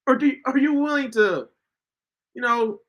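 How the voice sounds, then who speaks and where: A man giving informal devotional preaching from scripture, firing off rhetorical questions with bursts of shouting. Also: extremely high pitch, unhurried, lo-fi sound. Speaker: online Bible teacher.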